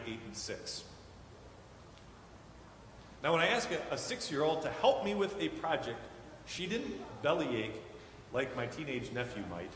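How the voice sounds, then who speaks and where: A man in his thirties preaching a sermon as guest preacher, telling family stories with animated quoted voices. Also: a little high, a little hiss or hum. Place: church sanctuary. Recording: echoey hall with long reverb.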